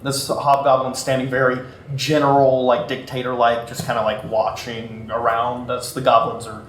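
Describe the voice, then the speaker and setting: A man's voice: medium pitch, little pitch movement, normal speed, slight background noise. A man running a tabletop game in casual, filler-heavy narration. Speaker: game master. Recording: roomy echo, faint music.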